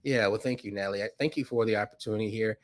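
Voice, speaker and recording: A man, a podcast guest who is a financier, telling a story with animated delivery and acting out voices in it. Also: racing. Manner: acts out dialogue with rising pitch, laughs often.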